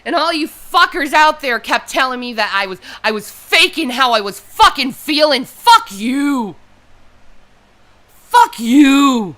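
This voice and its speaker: A woman's voice: sits high, animated, moderate pace, hardly any pauses, pushed and bright. A grieving woman delivering a furious, profane livestream rant. She often repeats her points and sounds close to tears. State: grieving and upset. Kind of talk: angry unscripted livestream rant.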